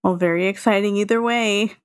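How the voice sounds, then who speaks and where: A woman co-hosting a podcast in relaxed casual chat, agreeable and laughing often. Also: mid-range voice, a little fast, no echo, studio quality. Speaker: podcast co-host.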